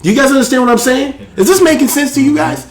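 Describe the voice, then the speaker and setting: Animated high-voiced male preacher. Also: fast talker, vocal fry. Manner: animated, emphatic, laughing asides. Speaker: host. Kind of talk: preaching to a live audience.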